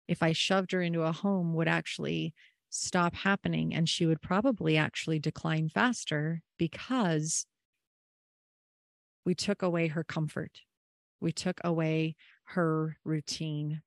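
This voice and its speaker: A family caregiver who hosts a caregiving podcast tells a personal story in an earnest, emotional and reflective way. Her voice is low, recorded at studio quality with no room sound.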